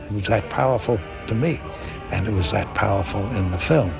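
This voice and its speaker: Gravelly man speaking earnestly. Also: lowish voice, a little fast, over music. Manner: earnest, emphatic. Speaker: interviewee. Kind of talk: interview recollection.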